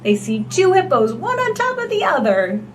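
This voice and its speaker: A woman's voice: sits high, very animated, moderate pace, a little hiss or hum. A woman reading a picture book aloud to small children, with gasps, an exaggerated delivery and coaxing questions to the child. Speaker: storyteller for babies and toddlers.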